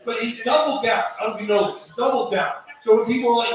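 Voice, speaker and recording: High-voiced deadpan stand-up comic, echoey. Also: male voice, quick pace, few pauses, a crowd in the background. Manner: deadpan, crude, rambling delivery. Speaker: stand-up comedian. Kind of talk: open mic stand-up set. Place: small comedy venue. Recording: echoey room, voice from far off.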